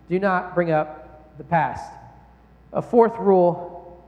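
A young man preaches in a relaxed, conversational way and asks his listeners questions. His voice sits fairly high for a man. It rings out through a large hall with a long, echoing tail. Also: takes it slowly, pauses often. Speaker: pastor. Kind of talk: sermon. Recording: echoey hall.

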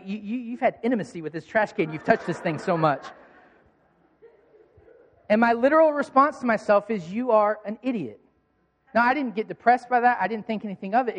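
A man preaching a sermon as a pastor, telling a self-mocking story in a lively way. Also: high voice. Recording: long hall reverb.

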